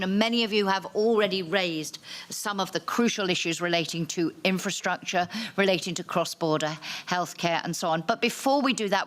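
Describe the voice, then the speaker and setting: A woman moderating a conference panel. She speaks politely and warmly to the room, with a few fillers and small restarts. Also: mid-range voice. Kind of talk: chairing a panel session. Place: conference hall.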